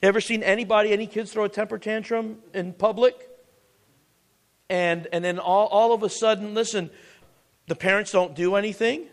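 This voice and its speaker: A man's voice: high-pitched, steady tone, normal speed. A man preaching a sermon as pastor, earnest and full of restarts and asides.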